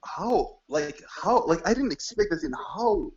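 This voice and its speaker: A man co-hosting a casual film podcast, excitable and enthusing. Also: fairly high pitch, unhurried. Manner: excitable, voice swings up when enthusing. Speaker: podcast co-host. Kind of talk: casual chat about films. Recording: dull lo-fi audio, off-mic.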